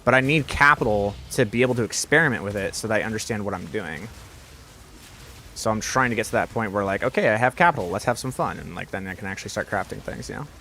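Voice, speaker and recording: A man's voice: fairly low pitch, animated, quick pace, pushed and bright, slight background noise. A young man live-streaming a game, chatting casually with his viewers, rambling and swearing often.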